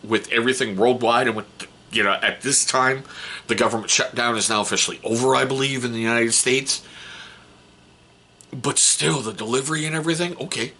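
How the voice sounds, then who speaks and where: A man hosting a casual hobby vlog, rambling and excitable, and swearing casually. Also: medium pitch, fairly quick. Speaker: hobby channel host.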